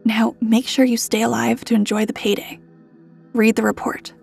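A blunt mercenary leader gives orders in an offhand, firm way, as a woman voices him. The voice is mellow and a little husky. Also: fairly high pitch, flat delivery, normal speed, faint music behind, full character voice. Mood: matter-of-fact. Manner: casual, then stern. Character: blunt seasoned male mercenary team leader.

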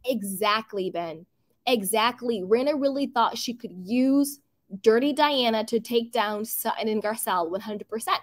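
Livestream host, woman, high voice, chatty and opinionated gossip talk. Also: moderate pace. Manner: chatty and opinionated, laughs often. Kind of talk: casual gossip livestream, reading chat comments.

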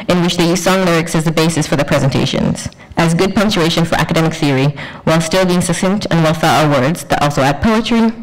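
A woman curator presenting a conference paper in a measured, poetic way, with deliberate pauses. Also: deep voice, low-quality recording. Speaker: curator and researcher.

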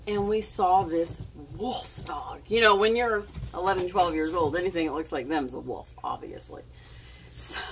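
A woman's voice: medium pitch, a bit bright, far from the mic, slight background noise. A woman telling a casual story to her camera, chatty and giggly, with plenty of fillers and restarts. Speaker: vlogger.

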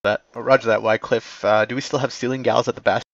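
A man commanding players in an online game, giving brisk radio-style orders over a dull lo-fi voice chat. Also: mid-range voice, fairly even intonation, creaky, fairly bright tone, no room sound. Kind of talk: game voice comms.

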